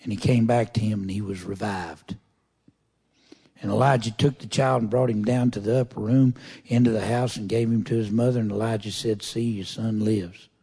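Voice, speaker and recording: Reading scripture and then breaking off to ask his congregation pointed questions, a man preaches in a folksy, conversational manner. His voice sits on the low side and is mellow and slightly rough, with fairly even intonation and a moderate pace.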